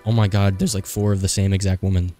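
A man's voice: low voice, little pitch movement, fast, dark tone, faint music behind. A young man in his twenties doing casual, frantic gameplay commentary, swearing and joking to himself as he plays. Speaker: gaming streamer.

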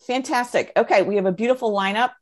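A woman's voice: a little high, fast talker. Upbeat woman moderating a webinar. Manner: upbeat, effusive, with fillers. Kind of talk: live webinar hosting.

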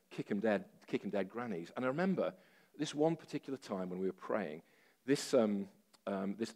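A man preaching a sermon, telling a story with lively, self-deprecating humor and many fillers. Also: fairly low pitch.

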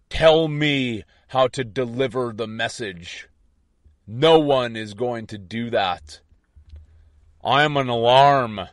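Intense, defiant man preaching slowly. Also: mid-range voice, a bit bright, no echo, studio quality. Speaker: online preacher. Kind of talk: impassioned spiritual monologue.

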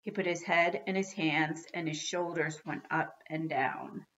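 A woman reading a children's book aloud with expressive storytelling. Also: deep voice, a little slow, lo-fi sound. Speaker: reader.

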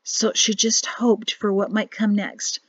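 Female audiobook narrator, expressive read, dry and slightly muffled sound. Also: mid-range voice, measured pace, husky, dry recording. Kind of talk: scripted narration.

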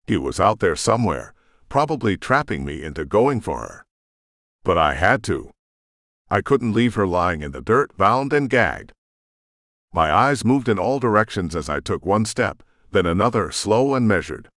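A man's voice: deep voice, fairly bright tone, no room sound, studio quality. A man reading a first-person audiobook in a tense, dramatic storytelling manner. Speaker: audiobook narrator.

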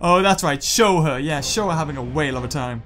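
A man hosting a gaming video, chatting and joking excitedly to his viewers while he plays. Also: fairly high pitch, brisk, music in the background. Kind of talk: let's play commentary.

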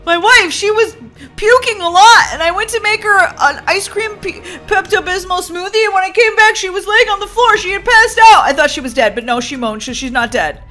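A woman's voice: brisk, bright, forceful tone. A woman voicing a nervous young husband in a Roblox roleplay story, talking in a rambling, worried way. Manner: anxious, rambling, high-strung.

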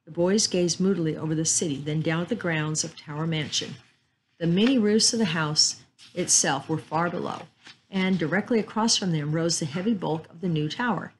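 A woman storyteller reading a chapter book and a Bible story aloud in a calm, measured way. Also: fairly low pitch, a little hiss or hum, rough recording.

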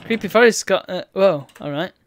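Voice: medium pitch, expressive, normal speed, a little hiss or hum. A game streamer giving chatty, wry let's-play commentary and reading on-screen text aloud.

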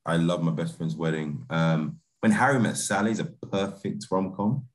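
A man's voice: low-pitched, fairly even intonation, moderate pace. A man, a film director talking casually as an interview guest, laid-back and laughing easily, with many restarts and fillers. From Britain.

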